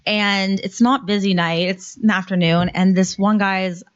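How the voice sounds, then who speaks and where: Woman, 30s, podcast guest; candid storyteller, swears a lot, mid-pitched, muffled lo-fi recording. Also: steady tone, moderate pace. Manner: candid, swears freely, many likes and fillers. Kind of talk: casual storytelling. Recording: dull lo-fi podcast audio.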